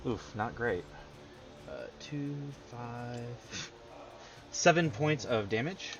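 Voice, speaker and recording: A man running a tabletop role-playing game as game master, easygoing and quick with asides, laughing often. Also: medium pitch, fairly bright tone, soft background music. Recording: dull lo-fi stream audio with faint noise.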